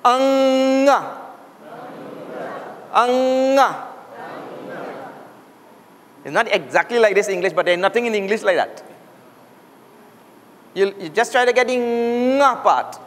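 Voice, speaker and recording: A man's voice: high voice, lively intonation, normal speed, pauses often, a bit bright. A man teaching a class how to pronounce letters, saying each sound aloud for the students to repeat, patient and playful. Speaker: Sanskrit teacher. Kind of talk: classroom pronunciation lesson. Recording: long hall reverb, faint noise.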